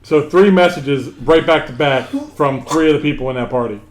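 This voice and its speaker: A young man co-hosting a podcast, telling a profane story in animated fashion and quoting others as he goes. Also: fairly high pitch, normal speed, roomy sound. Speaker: podcast co-host. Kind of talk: casual storytelling chat.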